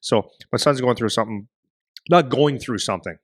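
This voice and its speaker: A middle-aged man co-hosting a hockey podcast, telling a story in a rambling, animated way and acting out voices. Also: mid-range voice, fairly quick, no echo, clean studio sound. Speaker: podcast co-host and hockey parent.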